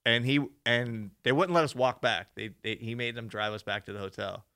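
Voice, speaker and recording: A young adult man on a podcast, telling a story in casual chat, animated, laughing often and swearing freely. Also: medium pitch, a little fast, clean tone. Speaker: podcast co-host.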